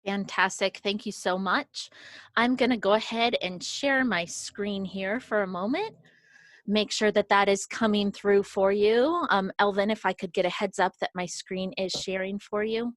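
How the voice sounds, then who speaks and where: A woman from an education program giving an upbeat, organized walkthrough of a software tool while sharing her screen on a video call. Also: mid-range voice, steady tone, measured pace, no echo. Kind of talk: screen-share software demo.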